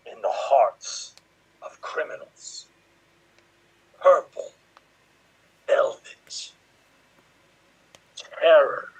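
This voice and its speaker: A man playing a brooding rich vigilante, making loud dramatic pronouncements. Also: a little high, husky, full character voice, low-quality recording. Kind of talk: improv game performance.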